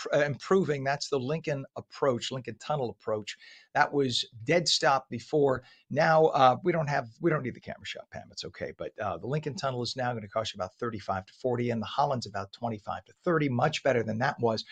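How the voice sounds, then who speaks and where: Chatty morning-show host man, gravelly. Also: mid-range voice. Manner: lively, chatty, apologetic asides. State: frog in the throat. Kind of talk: live traffic report and interview.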